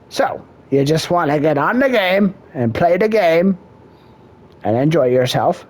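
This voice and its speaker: A man's voice: fairly high pitch, sing-song, measured pace. A man playing a mock marriage counselor in crude improvised comedy, drawling in a mock-serious way.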